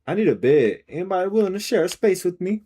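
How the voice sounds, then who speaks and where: A man live-streaming a game, reacting out loud in casual, slangy commentary and talking to himself and his viewers. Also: high voice, fast, slightly rough. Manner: excitable, slangy, talks to himself and chat.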